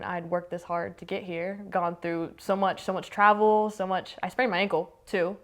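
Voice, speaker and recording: The young youth soccer player from the United States tells her story for a documentary, chatting freely with many fillers. Her pitch is fairly low.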